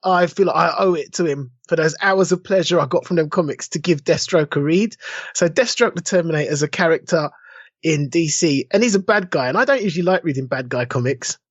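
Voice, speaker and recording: A podcast co-host chats casually, acting out quotes in various voices. His voice is on the high side, brisk and slightly rough. The recording is dull, lo-fi and dry, with no room sound.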